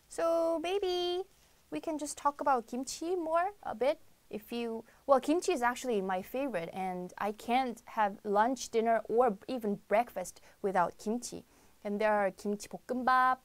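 A young woman from South Korea hosting a live-stream quiz show, chatting bubbly and reading out viewer comments with excited outbursts. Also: high voice, dry recording.

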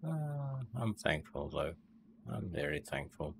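A man's voice: a bass voice, very animated, slow pace, background noise. A man muttering casual commentary while playing a game, chuckling at his own mishaps. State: has the hiccups. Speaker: gameplay streamer.

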